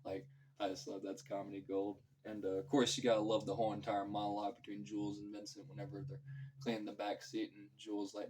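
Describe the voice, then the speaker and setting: A man with a fairly low voice reviews a film in an easygoing, meandering way. His talk is loose and profane, packed with fillers and restarts, and he slips into quoting scenes as he goes. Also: monotone, quick pace, darkish tone, slight background noise, poor audio. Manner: filler-heavy, loose and profane, acts out quotes. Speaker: movie reviewer. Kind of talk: casual rambling film review.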